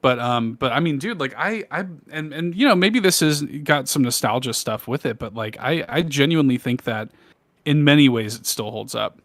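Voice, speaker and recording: A man's voice: mid-range voice, animated, normal speed, fairly bright tone, no echo. A man co-hosting a podcast, talking casually and enthusiastically with many fillers. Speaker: podcast co-host. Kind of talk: casual chat.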